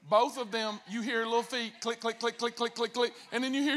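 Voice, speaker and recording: A man preaching a sermon as pastor, telling jokes and stories in a lively way and acting out quoted voices. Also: very high voice, fairly quick. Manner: animated, joking storytelling with acted-out voices.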